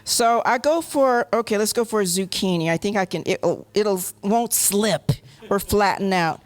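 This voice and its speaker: An older woman, a panel guest, telling a comic story and slipping into gruff male voices for the quotes. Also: medium pitch, normal speed. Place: convention panel room.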